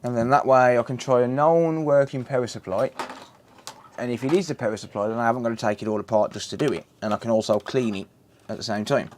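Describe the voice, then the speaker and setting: A man's voice: mid-range voice, steady tone, fast, a little mellow, a little hiss or hum. A man chatting casually and joking with his live chat while repairing a console, swearing freely.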